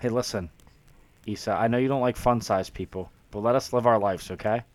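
A man's voice: fairly low pitch, darkish tone. A man in his thirties co-hosting a casual wrestling podcast, joking and swearing freely. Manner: joking, profane, quick asides. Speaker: podcast co-host.

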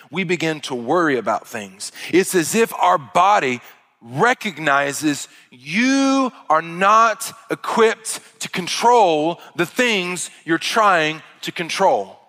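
Bright-voiced preacher in an echoey hall. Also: male voice, a little high. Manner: earnest, emphatic, repetitive rhetoric. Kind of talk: sermon.

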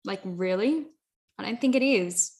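A woman's voice: medium pitch, lively intonation, measured pace, darkish tone. A young adult woman giving an earnest motivational talk, repeating phrases and often saying "you know" and "like". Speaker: self-help speaker.

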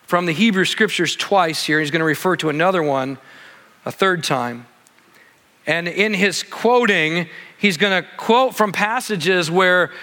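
A man preaching an expository sermon as a pastor, conversational and building to animated emphasis. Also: sits high, long reverb tail.

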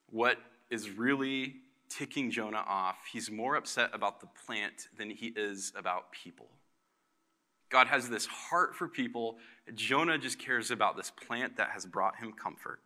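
A man's voice: medium pitch, bright, forceful tone. A man preaching a sermon in a conversational way, his volume rising and dropping for emphasis. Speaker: pastor.

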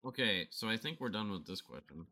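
A man's voice: fairly low pitch, expressive, fairly quick, bright, forceful tone. A young man co-hosting a casual podcast, reading out questions and steering the chat back on topic. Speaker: podcast co-host.

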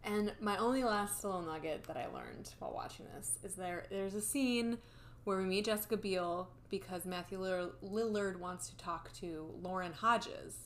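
A woman's voice: mid-range voice, normal speed, slight background noise. A woman co-hosting a podcast, chatting casually and poking fun at a movie with easy laughs. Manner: wry, laughs easily, mocks the film. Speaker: podcast co-host. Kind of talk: casual chat reviewing a movie.

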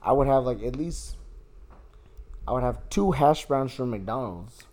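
A man's voice: mid-range voice, a little slow. A man guesting on a friend's podcast, telling stories with lots of laughter. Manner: animated storyteller, laughs often. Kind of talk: casual chat between friends.

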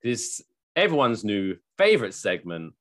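Animated joking man co-host. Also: on the low side, unhurried. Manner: jokey, animated, slips into silly voices. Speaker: podcast co-host. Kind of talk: casual chat.

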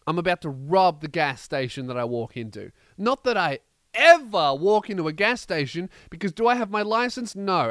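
Brash, profane man, smooth voice. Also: sits high, normal speed, no echo. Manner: brash, profane, animated with mocking asides. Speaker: podcast host. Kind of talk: comedic storytelling monologue.

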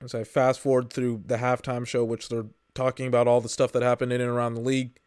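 A man's voice: medium pitch, monotone, quick pace, a little mellow, smooth. A man giving rambling, exasperated commentary while he watches a football game for his podcast, swearing now and then. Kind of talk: live watch-along commentary.

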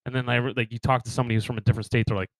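A podcast co-host with a New York accent trades casual banter, laughing often, swearing freely and tossing off quick comic impressions. His gravelly mid-range voice keeps a level tone, in a dry, low-quality recording.

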